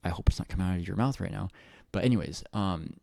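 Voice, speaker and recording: A man talking to his viewers in a rambling, excitable personal monologue, full of restarts and swearing. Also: low voice, fast talker, creaky, no room sound, studio quality. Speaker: vlogger.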